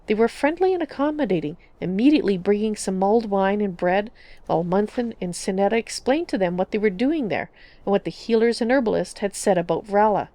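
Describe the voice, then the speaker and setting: A woman narrating a fantasy roleplay story in an even storytelling manner. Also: medium pitch, fairly quick, no room sound.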